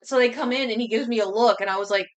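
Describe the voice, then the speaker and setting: A woman livestreamer telling a rambling, animated story to her chat, talking so fast she has to stop and catch her breath. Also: on the high side. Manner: rambling, animated anecdote with many restarts.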